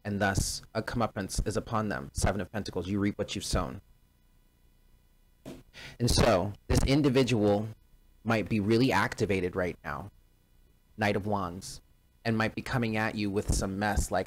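Low-voiced man giving a tarot reading. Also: moderate pace, pauses often, slight background noise, rough recording. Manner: emphatic, repeats phrases, addresses listeners directly. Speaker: tarot card reader. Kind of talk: casual spoken tarot reading to viewers.

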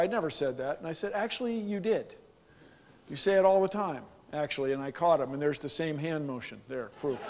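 A man from the United States giving an animated, joking conference keynote to a live audience. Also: fairly high pitch. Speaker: keynote speaker. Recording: long hall reverb.

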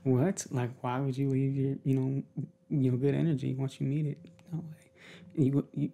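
A man chatting to viewers in a casual ASMR video, moving between soft talk and whispers, rambling, upbeat and affectionate. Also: medium pitch, little pitch movement, normal speed, creaky. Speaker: ASMR creator.

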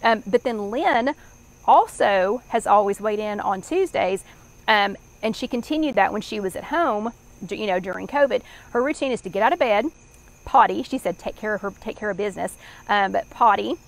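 Brief: middle-aged Southern woman, live online chat host, chatty and rambling, mid-pitched. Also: animated, normal speed, low-quality recording. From American South. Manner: rambling, chatty, many fillers and restarts.

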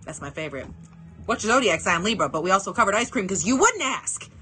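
A woman's voice: medium pitch, very animated, fast, bright, forceful tone, faint music behind. A young woman talking casually to viewers while doing her makeup, chatty and giggly, often mocking herself. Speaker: beauty vlogger. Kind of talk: casual get-ready-with-me chat.

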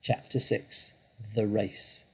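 A man reading a children's story aloud in a dramatic, measured way. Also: warm tone, rough recording.

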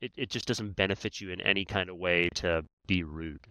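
A man with a bright, smooth, somewhat low voice explains his points emphatically. He often checks in with the listener as he talks. The sound is close and dry. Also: fairly quick, dry recording. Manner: emphatic, many "right?" tags. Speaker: negotiation expert guest. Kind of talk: conversational explaining.

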